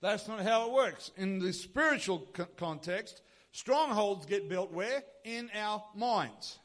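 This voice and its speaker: High-voiced pastor preaching. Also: male voice, animated, slow pace, fairly bright tone. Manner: emphatic, with rhetorical questions and repeated phrases. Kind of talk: sermon.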